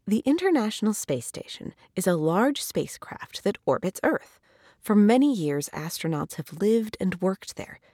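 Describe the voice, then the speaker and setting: Woman reading aloud, children's books, sing-song, lively pitch, slow, dry close sound. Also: dry recording. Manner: sing-song, expressive storytelling. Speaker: narrator. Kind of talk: children's book read-aloud.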